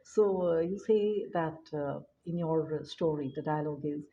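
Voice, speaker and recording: Mellow-voiced woman teaching writing. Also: low voice. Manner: unhurried, many filler words, demonstrative. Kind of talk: spoken lesson. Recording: dull lo-fi audio with faint noise.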